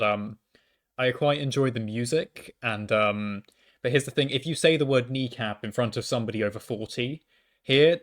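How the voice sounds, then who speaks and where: A man's voice: medium pitch, fairly bright tone. Stammering young man telling a story. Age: young adult. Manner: hesitant, stammering restarts, self-deprecating. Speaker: university student. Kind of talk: casual storytime monologue. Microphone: microphone.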